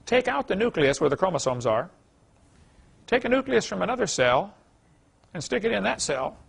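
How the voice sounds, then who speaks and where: A middle-aged man lectures a class in a folksy, storytelling way and chuckles often. His voice is gravelly and a little husky, and it sits slightly high for a man. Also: sing-song, moderate pace. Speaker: creation science lecturer.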